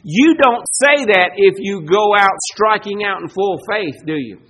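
A man preaching a sermon, swinging between loud emphatic bursts and low, slow passages. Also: lively intonation, low-quality recording. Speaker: pastor.

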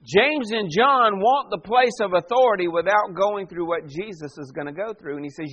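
High-voiced male preacher. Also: moderate pace, fairly bright tone, highs cut off. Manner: dramatic voicing of quoted figures, rhetorical questions. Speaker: pastor. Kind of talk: sermon.

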